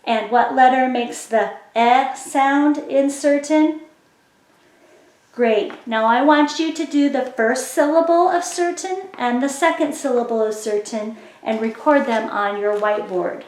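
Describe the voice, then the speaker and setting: A woman teaching a phonics lesson to children, explaining slowly and clearly with encouraging prompts. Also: high voice, darkish tone. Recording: echoey room.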